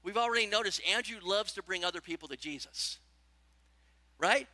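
A male pastor delivers a lively sermon and keeps putting questions to his listeners. His voice sits high and sounds very bright. The recording is close and dry, with no room sound. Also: normal speed, no room sound. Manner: animated preaching, asks the congregation questions.

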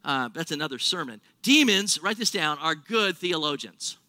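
A man preaching a sermon in a conversational, animated way, acting out quotes with sarcasm. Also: fairly high pitch, moderate pace, no room sound. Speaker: pastor.

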